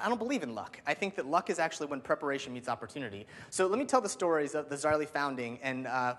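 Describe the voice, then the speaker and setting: High-voiced man giving a keynote in a hall. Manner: energetic, filler-heavy, lots of "um" and "like". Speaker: keynote speaker. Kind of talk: keynote speech. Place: large hall. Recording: long hall reverb.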